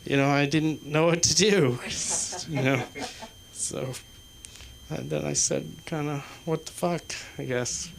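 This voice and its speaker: A man doing stand-up in a small comedy club, rambling and halting, swearing constantly. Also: a little high, steady tone, creaky, crowd noise. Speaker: stand-up comic. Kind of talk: stand-up set.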